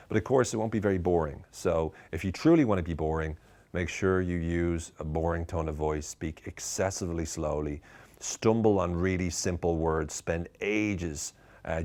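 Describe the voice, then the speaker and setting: A man giving a tongue-in-cheek lesson to camera with a lively, emphatic, ironic delivery. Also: deep voice. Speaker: speaker teaching communication skills.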